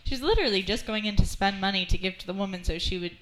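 A woman co-hosting a casual TV recap podcast tells it animatedly, quoting the characters. She talks rapid-fire at medium pitch, and the audio quality is poor.

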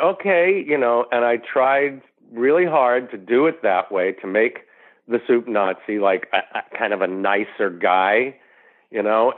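A man with a lowish voice tells a story as a guest, slipping into the voices of the people in it. His voice comes through a thin, phone-like line. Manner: animated storyteller who acts out quoted voices. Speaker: actor guest. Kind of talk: storytelling interview anecdote.

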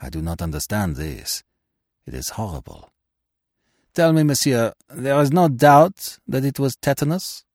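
A man voicing a fussy, fastidious older Belgian detective who complains in precise, formal phrasing. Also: on the high side, darkish tone, no echo, studio quality, voice pushed up, lightly acted. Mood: probing.

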